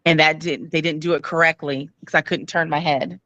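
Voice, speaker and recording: A woman guest frankly recounting her own experience in an interview, pausing often with "um". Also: low voice, steady tone, pushed and bright, dry recording, highs cut off. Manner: earnest, frank, many "um" pauses. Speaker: guest telling her story. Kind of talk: candid personal storytelling.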